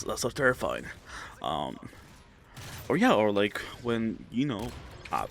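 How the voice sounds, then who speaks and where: A man's voice: lowish voice, fairly bright tone, slight background noise. A young man giving casual advice in a rambling, profane way, often stammering and restarting. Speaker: vlogger.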